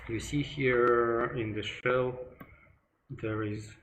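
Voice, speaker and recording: A man with a Russian accent, a native Russian speaker, giving live working-stream commentary as a sculpting instructor in halting, broken English while thinking aloud. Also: mid-range voice, fairly even intonation, fairly bright tone, poor audio. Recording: background noise with ticking clock.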